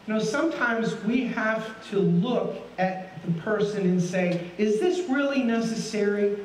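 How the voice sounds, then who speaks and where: A middle-aged man preaches in a high, lively voice, folksy and full of questions for his listeners. He is heard from a distance in a roomy church sanctuary, with faint laughter from the congregation behind him. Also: unhurried, few pauses, a little hiss or hum. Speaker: guest pastor. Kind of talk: sermon.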